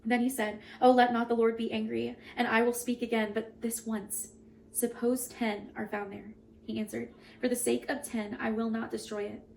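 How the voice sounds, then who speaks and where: A woman's voice: fairly high pitch, flat delivery, normal speed, creaky, a little mellow, slight background noise, low-quality recording. A young woman reading scripture aloud and reflecting on it in an earnest, emotional way, with chatty asides. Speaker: Bible reading host.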